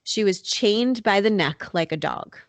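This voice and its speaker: A woman's voice: medium pitch, animated, a little slow, no room sound. A woman hosting a true-crime podcast, telling the story in a casual, chatty way with lots of fillers. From North Carolina. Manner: chatty, many fillers like "like" and "you know". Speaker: podcast host.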